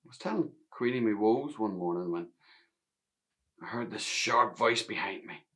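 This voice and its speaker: A grown stableboy recalling his youth, played by a man with a Northern Irish accent. He tells it in an intimate, often hushed stage monologue with a lowish voice. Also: animated, moderate pace. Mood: reflective. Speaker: actor in a one-man play. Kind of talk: theatrical monologue narration.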